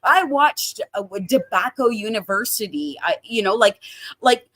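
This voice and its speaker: A woman's voice: on the high side, lively intonation, measured pace, a bit bright, no room sound. A woman from Canada, a guest chatting casually and self-deprecatingly with lots of fillers. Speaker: guest home grower. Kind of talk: casual podcast chat.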